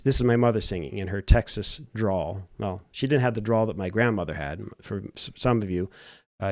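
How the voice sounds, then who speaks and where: A middle-aged man with a fairly low voice, talking through personal reflections in a soft, halting way and often restarting his sentences. The recording is dry and close, with no room sound around him. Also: dry recording. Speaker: host. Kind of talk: reflective solo commentary.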